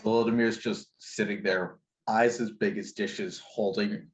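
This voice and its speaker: A man narrating his character's actions as a player in a tabletop game, playful and deadpan. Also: on the low side, a little slow.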